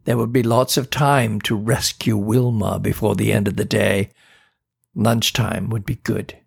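Slow gravelly storybook narrator, a man. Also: lowish voice. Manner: slow, steady reading. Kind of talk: storybook reading.

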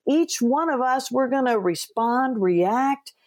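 A woman hosting an interview, an author who tells lively stories, acts out quoted dialogue and speaks earnestly from her faith. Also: sits high, slow. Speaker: podcast host and author. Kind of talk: conversational interview.

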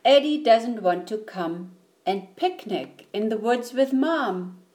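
A woman reads a picture book aloud at a very slow, deliberate pace. Her pitch sits fairly high and swings widely, giving the telling an expressive lilt. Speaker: storyteller.

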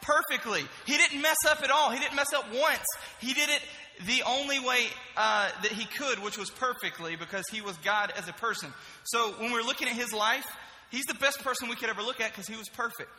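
A young man serving as a middle school pastor, giving an energetic, joking sermon and asking the group questions. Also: extremely high pitch, fairly quick, in a large hall, poor audio. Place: church youth room.

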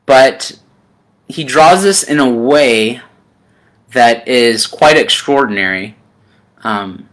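A man delivers a sermon in a gentle, personal manner, often calling his listeners friend. His delivery is slow and drawn out, with frequent ums and pauses. His voice has a clear, bright edge. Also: medium pitch. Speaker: preacher.

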